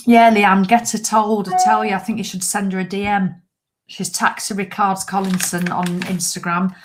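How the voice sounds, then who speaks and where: Woman, middle-aged, fitness vlogger; chatty, blunt, animated telling, mid pitch. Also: a little hiss or hum. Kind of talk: casual chat to viewers.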